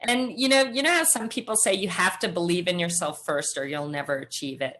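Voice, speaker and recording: Animated middle-aged woman telling her story. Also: on the low side, fairly quick. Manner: animated storyteller acting out quoted voices. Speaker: guest, former triathlete. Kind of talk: storytelling interview answer.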